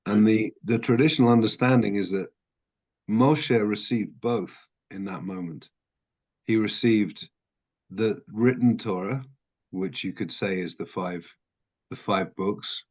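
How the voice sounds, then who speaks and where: A rabbi leads an adult study class in a very low, deep voice. He talks thoughtfully and stops often to hunt for words, with frequent ums and false starts. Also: unhurried, darkish tone. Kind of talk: classroom teaching.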